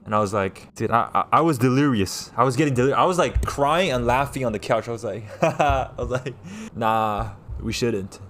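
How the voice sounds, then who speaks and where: A man's voice: mid-range voice, brisk, hardly any pauses, slight background noise. Rambling young streamer man. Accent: New York. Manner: rambling, swings from loud to hushed. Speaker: livestreamer. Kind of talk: casual storytelling to chat.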